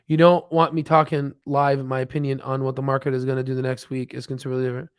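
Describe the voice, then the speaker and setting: A man hosts a casual stock market livestream, thinking out loud as he reads charts, with plenty of fillers and restarts. His mid-range voice is steady and clean, he speaks fast, and the studio-quality audio has no room sound.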